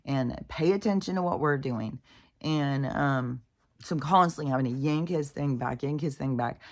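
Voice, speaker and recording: A woman's voice: very deep voice, moderate pace, darkish tone. A woman talking in a casual, rambling way, venting and swearing freely while worn out and in pain. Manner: profane, venting, full of fillers. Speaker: vlogger.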